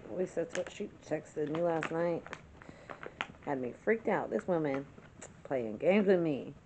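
A woman speaking in an unhurried, drawn-out way tells a story to her viewers in a casual chat-with-me vlog. She gets animated as she talks, laughs through the story and swears now and then. A faint hiss of background noise sits under her voice. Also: deep voice. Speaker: vlogger.

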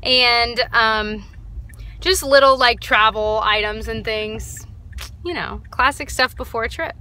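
A woman vlogging casually, excitedly showing gifts and chatting while out running errands. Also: fairly high pitch, takes it slowly. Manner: excited, gushing. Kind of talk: casual vlog chat. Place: at home and in a car.

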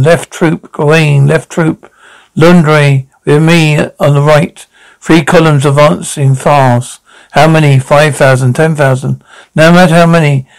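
A man reading aloud a TV drama script by himself, taking every part and calling out the sound cues in a flat read-through. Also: fairly high pitch, vocal fry, poor audio. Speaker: reader voicing a TV drama episode.

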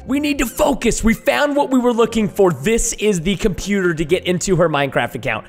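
An excitable man hosting a let's play, joking and laughing as he goes, with a very animated pitch that leaps around. A soft music bed plays faintly behind his voice. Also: brisk. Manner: excitable, jokey, prone to laughing. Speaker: gaming video host.

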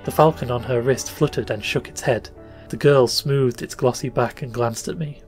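A male podcast narrator telling an old tale in a steady, measured reading. His voice sits in an ordinary middle register. Soft music plays faintly beneath him. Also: medium pitch. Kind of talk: scripted storytelling narration. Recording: faint music bed under voice.

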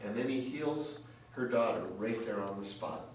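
A man's voice: mid-range voice, normal speed. A man preaching a sermon as pastor, emphatic, with rhetorical questions and repeated phrases, heard from a distance in a church sanctuary. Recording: very echoey church, mic from afar, faint noise.

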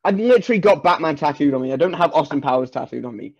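A Scottish man talks in a higher-than-usual, husky voice. He rambles and teases in casual podcast chat, sometimes playing at being offended. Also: animated, racing, darkish tone, dull audio. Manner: playful, mock-indignant, rambling. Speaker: wrestler guest.

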